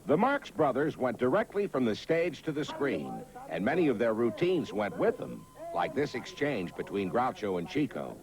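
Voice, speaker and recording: Lively man narrating a film compilation. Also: mid-range voice, moderate pace, a little hiss or hum, rough recording. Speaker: documentary narrator. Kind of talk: scripted narration.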